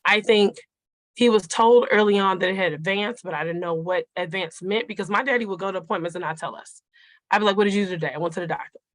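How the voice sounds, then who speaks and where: A woman's voice: mid-range voice, quick pace, dry recording. A middle-aged woman, a nurse, sharing a personal story of grief with a group in an earnest, conversational way, speaking directly to her listeners.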